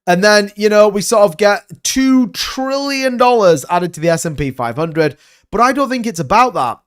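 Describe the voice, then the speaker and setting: A man giving casual crypto market commentary, animated and emphatic, rambling from point to point. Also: sits high, normal speed.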